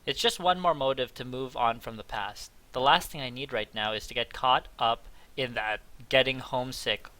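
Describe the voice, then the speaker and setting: A man's voice: medium pitch, normal speed, bright, forceful tone. A young man narrating a visual novel aloud as a let's play host, reading the story lines with casual asides. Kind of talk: casual game read-along narration.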